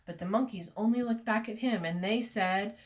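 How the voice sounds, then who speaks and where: A woman reading a children's story aloud, expressive and inviting listeners to join in. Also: mid-range voice, normal speed.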